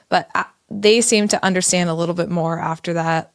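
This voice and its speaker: A woman in her thirties co-hosting a podcast, telling a candid story in an animated way. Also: lowish voice, fairly quick, gravelly, hardly any pauses, dry recording, clean studio sound. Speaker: podcast co-host. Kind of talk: casual conversational podcast.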